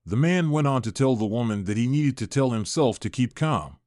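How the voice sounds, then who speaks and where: A man narrating a scripted viral story in an even, measured way. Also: mid-range voice, no echo, studio quality.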